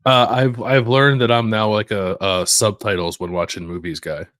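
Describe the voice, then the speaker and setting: A young man co-hosting a sports podcast, relaxed and rambling with plenty of filler words. His voice sits a little low, and the recording sounds dry and close. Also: normal speed, no room sound. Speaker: podcast co-host. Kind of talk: casual chat.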